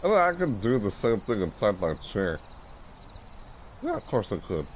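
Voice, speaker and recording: A man's voice: fairly low pitch, normal speed, slight background noise. A man live-streaming from his bedroom, chatting casually and repetitively to viewers while lying on his bed, with his microphone gain turned all the way up. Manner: rambling, repetitive, animated, often yelling to chat. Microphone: desk mic with gain turned all the way up.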